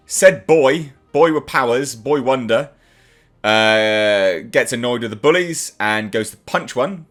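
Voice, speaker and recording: A man's voice: mid-range voice, lively intonation, slow pace, fairly bright tone, soft background music. A man hosting his own channel, giving a casual and enthusiastic spoken review of a TV episode. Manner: enthusiastic, chatty, acts out characters' lines.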